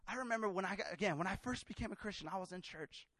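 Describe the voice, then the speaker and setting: A young man preaching a sermon, telling a personal story and acting out the voices in it, swinging from hushed tones to loud outbursts. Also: sits high, animated, fast talker, few pauses, no room sound.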